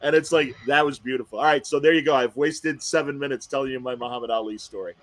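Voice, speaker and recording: A man hosting an interview podcast, telling stories in an animated, emotional, casual way. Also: mid-range voice, fast talker. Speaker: podcast host interviewing comic creators. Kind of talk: casual chat.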